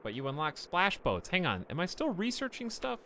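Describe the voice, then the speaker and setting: A man streaming a game live, reacting excitably and bantering with his chat. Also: sits high, a little fast, slight background noise.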